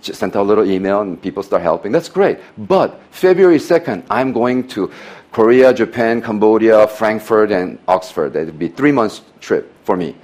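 A man in his fifties preaching a sermon with personal testimony, telling stories in a loose, halting way and laughing at his own jokes. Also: fairly low pitch, lively intonation, darkish tone. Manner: loose, halting phrasing with frequent "you know". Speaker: pastor.

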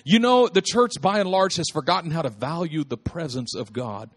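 A man preaching a lively, humorous sermon, repeating phrases for emphasis and calling out to his listeners. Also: a little high, normal speed. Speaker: pastor.

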